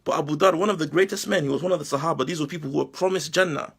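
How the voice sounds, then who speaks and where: A Nigerian man giving a forceful, preachy monologue full of rhetorical questions. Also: on the high side, rapid-fire, vocal fry, husky. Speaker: Muslim commentator. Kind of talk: impassioned video monologue.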